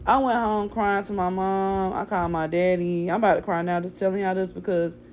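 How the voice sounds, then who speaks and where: A woman's voice: medium pitch, steady tone, a little fast, a little mellow, a little hiss or hum. A woman vlogger telling a personal story in a casual, chatty way, acting out what other people said and filling her speech with "like" and "you know". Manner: many fillers like "like" and "you know".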